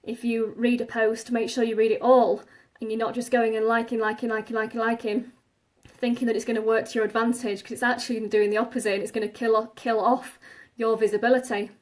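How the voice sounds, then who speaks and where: A woman's voice: a little high, level tone, quick pace, few pauses. A woman giving online business advice on a live stream, a little out of breath. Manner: direct, repetitive, advice-giving. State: slightly out of breath. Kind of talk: live-stream talk to viewers.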